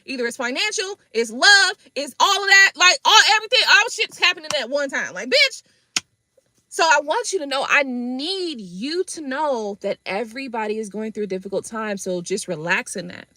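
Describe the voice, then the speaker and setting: A woman hosting a live tarot stream, chatting casually with viewers in an animated, profane way and laughing often. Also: high-pitched, moderate pace, no echo.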